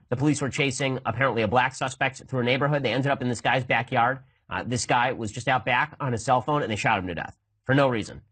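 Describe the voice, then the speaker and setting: A male political commentator in his thirties talks at a rapid clip and drives each argument home with emphasis. His voice has a slight husky grain to it. He sounds like a regular host answering questions from his audience. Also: medium pitch, a bit bright, poor audio. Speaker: podcast host.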